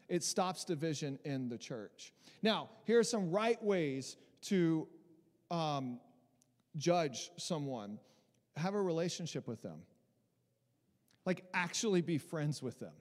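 High-voiced pastor preaching in a reverberant hall. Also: male voice. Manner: conversational and animated, with many restarts and mimicking voices. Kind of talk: sermon.

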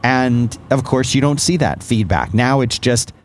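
A man's voice: medium pitch, animated, a little slow, slight background noise. A man co-hosting a podcast, explaining gadgets in a rambling, self-correcting casual chat. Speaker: podcast co-host.

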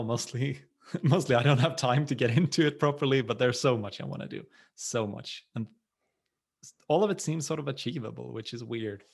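A man talking on a tech podcast with enthusiasm, often laughing and pausing with "uh" as he thinks. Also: fairly low pitch. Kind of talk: casual podcast chat.

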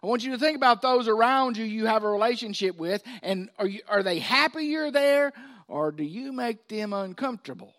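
A male pastor preaching a sermon, swinging between loud emphasis and hushed asides. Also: high-pitched, a little fast, hardly any pauses.

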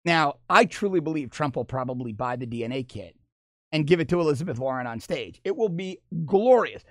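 A middle-aged man holding forth as a political commentator, his pitch swinging widely as he mocks his targets and breaks into laughter. His voice sits a bit high for a man and sounds close and dry, with no room around it. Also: a little fast, no echo. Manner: animated, mocking, laughs while talking. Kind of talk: opinion monologue.

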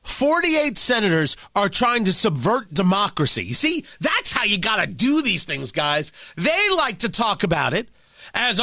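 A combative male talk host delivers a sarcastic political monologue. His voice sits high and swings widely in pitch. The tone is bright and the sound dry and close. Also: huge pitch swings, normal speed, no echo.

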